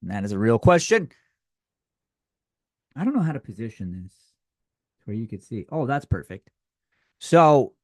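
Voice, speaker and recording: A man's voice: medium pitch, dry recording, clean studio sound. A young man hosting a comedy podcast, ranting sarcastically and profanely on his own. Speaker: podcast host. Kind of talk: solo comedy rant.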